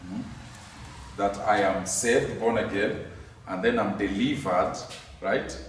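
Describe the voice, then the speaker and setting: A man's voice: on the low side, slow pace, slight background noise. A man giving an emphatic Bible teaching lecture, asking his listeners many rhetorical questions. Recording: very echoey room, mic at a distance.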